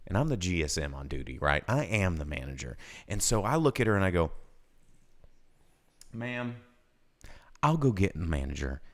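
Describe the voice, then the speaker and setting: A man hosting a live show, telling a work story in casual chat and mimicking customers in a high voice. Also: sing-song, normal speed, pauses often. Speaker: podcast host.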